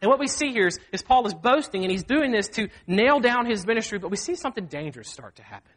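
High-voiced pastor preaching. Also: male voice, big pitch swings, fast, a bit bright. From Mississippi. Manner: earnest, self-deprecating, acts out quoted speech. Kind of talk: sermon. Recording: long hall reverb.

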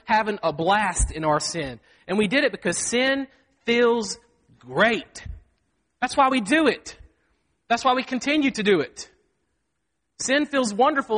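High-voiced pastor preaching. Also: male voice, fairly bright tone. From Mississippi. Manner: earnest, self-deprecating, acts out quoted speech. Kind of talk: sermon. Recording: long hall reverb.

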